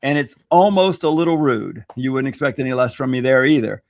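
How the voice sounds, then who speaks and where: A man from Louisiana, a social media expert guest, explaining strategy in an animated, self-deprecating way and laughing readily. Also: medium pitch, a little fast. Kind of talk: conversational teaching.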